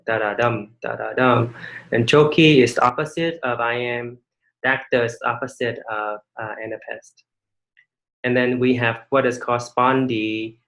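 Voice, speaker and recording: Casting: male teacher, mid-pitch, halting and repetitive as he lectures an online class. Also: a bit bright, low-quality recording. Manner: halting, many fillers and restarts, rhetorical questions. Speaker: online English instructor.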